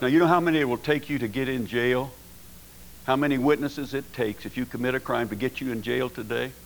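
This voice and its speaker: Man, pastor, folksy sermon, emphatic peaks, mid-pitched voice. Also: creaky, rough recording.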